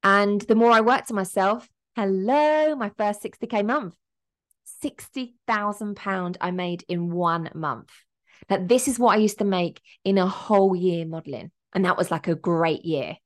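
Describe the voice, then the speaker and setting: A woman's voice: mid-range voice, measured pace. A woman, hosting a solo podcast as a business coach and talking in an emotional, upbeat, motivational way.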